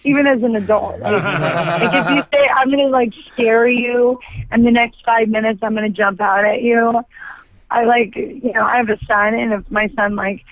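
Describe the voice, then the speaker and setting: A woman's voice: on the high side, fairly even intonation, normal speed, dry recording. Woman, 30s, phone-in interview guest. Chatty, filler-heavy storyteller. Thin, dry phone-line sound. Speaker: guest actress. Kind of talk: casual interview chat.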